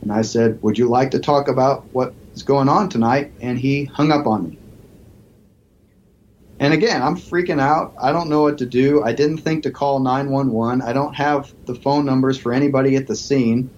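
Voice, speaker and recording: Male podcast guest, negotiator and professor, animated storyteller, slightly muffled audio with light noise. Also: mid-range voice, normal speed. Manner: animated storyteller acting out quoted voices.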